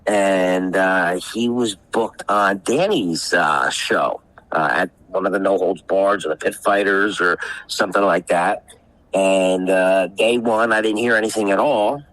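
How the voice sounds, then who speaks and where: A man's voice: sits low, measured pace, a bit bright, poor audio. A man telling a rambling, profane story on a casual podcast, often acting out the people he quotes. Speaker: guest storyteller.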